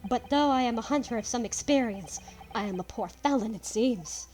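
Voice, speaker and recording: A woman reading aloud as a male nobleman confessing in his last will, slow and halting over the words. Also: fairly high pitch, darkish tone, lightly acted. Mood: grave. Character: male gentleman writing a murderer's confession. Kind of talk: reading game dialogue aloud.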